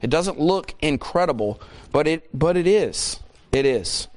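Male pastor in his forties, slightly higher-pitched, delivers an animated and emphatic sermon. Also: a little slow. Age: 40s. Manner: animated storytelling, emphatic repetition.

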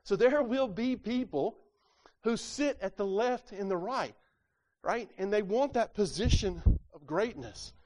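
A man's voice: sits high, expressive, unhurried, a little mellow. A man preaching a sermon, asking his listeners rhetorical questions, repeating words as he goes, and acting out the voices in the scripture stories. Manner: asks the congregation rhetorical questions; acts out quoted voices from scripture.

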